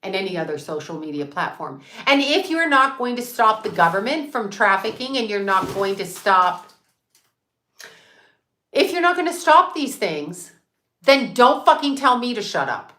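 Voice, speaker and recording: A woman's mid-range voice comes through sing-song, pushed and bright, at normal speed in a roomy-sounding space. She's a psychic medium ranting defiantly and profanely during a livestream on her channel, repeating herself to drive points home.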